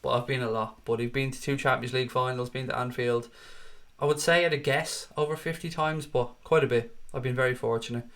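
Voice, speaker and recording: Casual live-stream host: Irish man from Dublin, late thirties, mid-pitched, chatty and profane, reading viewer comments. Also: fairly even intonation, a little fast, a bit bright. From Ireland. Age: 30s. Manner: chatty, swears freely, calls viewers mate. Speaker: watchalong host.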